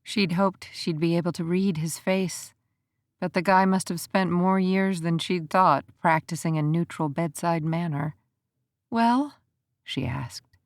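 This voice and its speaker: A woman narrating a romance audiobook in an even, measured storytelling manner. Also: on the low side, dry recording, studio quality.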